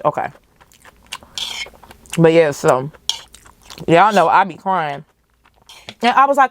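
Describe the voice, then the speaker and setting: Podcast host, young woman, low voice, passionate casual movie reaction. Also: measured pace, long pauses. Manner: animated, emotional, profane, slangy.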